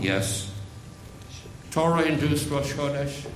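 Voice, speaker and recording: A man preaching a sermon, slow and emphatic, repeating phrases for weight. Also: fairly high pitch, animated, a bit bright, echoey room, a little hiss or hum, low-quality recording.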